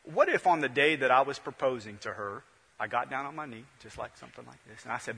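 A male pastor preaching a sermon, with a repetitive cadence that swings between loud peaks and hushed lines. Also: medium pitch, expressive, fast talker, vocal fry, slight background noise. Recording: long hall reverb.

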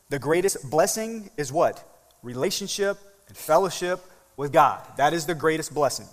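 A male pastor preaching a sermon with call-and-response questions, swinging from emphatic peaks to soft, low asides. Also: big-room sound. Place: church sanctuary.

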